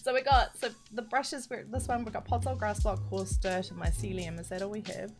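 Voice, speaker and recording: A woman's voice: mid-range voice, steady tone, brisk. A young woman, chatting casually and giggling as she streams a building tutorial and reads out her chat. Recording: music playing behind.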